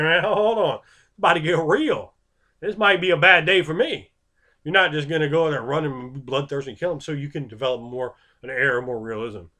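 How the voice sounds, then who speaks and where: An animated man in a mid-pitched voice talks loosely through game master advice. He keeps it casual and unscripted, tossing in sound-effect words and quick bits of acted speech. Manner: animated and conversational, acts out quick voices for players.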